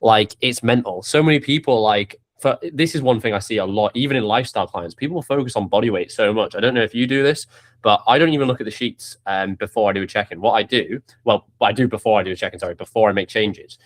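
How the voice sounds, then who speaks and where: A young man hosting a podcast, chatting casually with lots of swearing, restarts and bursts of excitement. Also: fairly low pitch, fast. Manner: swears freely, animated, many restarts. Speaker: podcast host. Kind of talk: casual chat.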